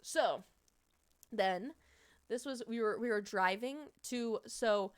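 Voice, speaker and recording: A woman's voice: on the high side, slow pace, smooth. Bubbly young woman streamer, Midwestern accent. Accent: American Midwestern. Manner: animated, swearing, laughing often. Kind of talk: casual chat with viewers.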